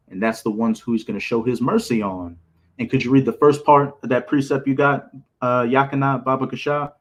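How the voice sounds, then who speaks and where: A man's voice: medium pitch, steady tone, normal speed. A man leading a scripture study, commenting emphatically on verses with casual street phrasing. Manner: emphatic, repeats sacred names, street phrasing. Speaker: bible study leader.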